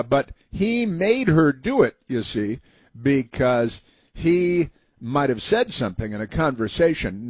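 A man's voice: medium pitch, no room sound. A man hosting a talk show, giving sarcastic, rambling commentary with many fillers.

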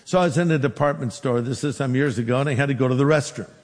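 A man pastor preaching a sermon, telling a story with lively quoted dialogue. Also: medium pitch, very fast, big-room sound.

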